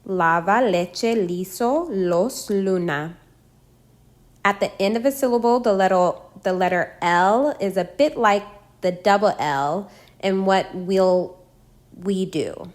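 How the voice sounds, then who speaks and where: A woman teaching a pronunciation lesson, reading out example words slowly and carefully. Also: medium pitch. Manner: slow, careful, spells out sounds and repeats example words. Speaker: language teacher.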